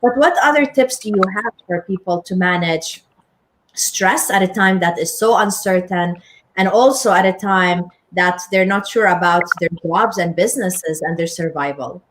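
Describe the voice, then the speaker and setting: A woman's voice: lowish voice, moderate pace, a bit bright, low-quality recording. A woman co-host asking a guest questions in a plain, friendly way on a live talk show.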